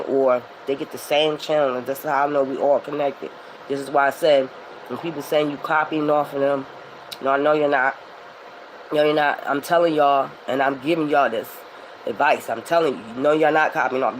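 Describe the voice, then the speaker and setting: A woman's voice: low-pitched, low-quality recording. Philly woman doing a spiritual vlog rant, swears a lot, rambles, bit of faint noise behind. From Philadelphia. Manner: emphatic, rambling, swears freely. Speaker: tarot reader.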